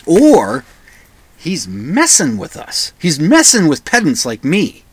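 A man's voice: on the high side, huge pitch swings, slow, husky, dry recording. A man hosting a solo podcast, rambling and pedantic, often restarting and correcting himself. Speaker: podcast host.

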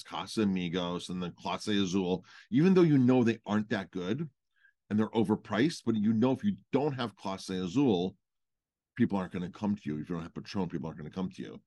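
In a recording free of room sound, a restaurant owner with a fairly low voice talks fairly quickly while co-hosting a casual podcast about running restaurants. He's an animated storyteller who repeats words to stress them.

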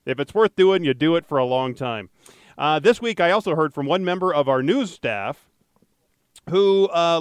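A man's voice: on the high side, dry recording. A man co-hosting a casual podcast, rambling through news stories with jokes and frequent self-corrections. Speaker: podcast co-host and traffic anchor.

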